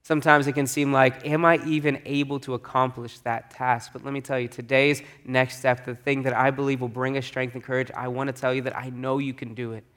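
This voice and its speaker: A man's voice: medium pitch, level tone, quick pace, few pauses, a bit bright, clear, resonant tone. A young man preaching a streamed sermon as pastor, earnest and encouraging, often repeating his key phrases.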